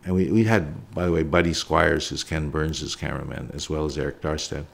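A man's voice: rumbling low, steady tone, a little fast, vocal fry. A documentary filmmaker, a man, answering interview questions in a plainspoken, reflective way.

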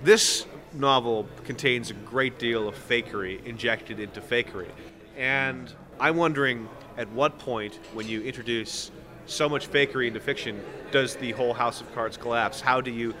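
A man's voice: mid-range voice, moderate pace, music in the background. A man interviewing an author, asking long, playful and wordy questions and poking fun at his own phrasing.

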